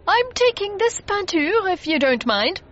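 A woman putting on an excitable old-fashioned inventor man. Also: very high-pitched, measured pace, lo-fi sound, pitched above the performer's own voice, full character voice. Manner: excitable, exclaiming.

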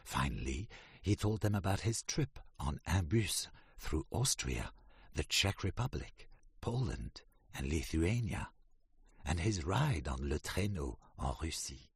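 Deep, husky-voiced man reading a storybook. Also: no room sound. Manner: slow, expressive read-aloud. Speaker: storybook narrator. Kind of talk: children's storybook reading with glossary.

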